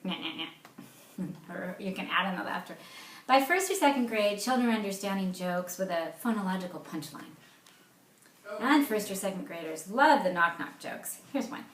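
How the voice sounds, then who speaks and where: A woman giving an explanatory presentation as a therapist, reading jokes aloud with lively, playful emphasis. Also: medium pitch, normal speed, echoey room.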